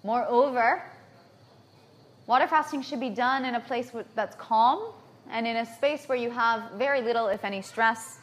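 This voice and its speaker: A woman giving a lecture as a natural hygienist, often checking in with her audience through quick tag questions. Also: on the high side. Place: lecture venue in Bali.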